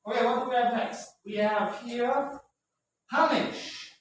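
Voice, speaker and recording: A man's voice: extremely high pitch, fairly even intonation, normal speed. A man teaching English vocabulary to a class, patiently explaining words and often checking in with "right?". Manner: patient, repetitive, ends phrases with "right?". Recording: very echoey room, far from mic, faint noise.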